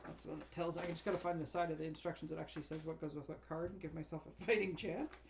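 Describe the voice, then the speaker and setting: A woman's voice: deep voice, steady tone, fast, slight background noise. A woman craft demonstrator chatting casually as she unboxes and sorts a paper craft kit, rambling and often laughing.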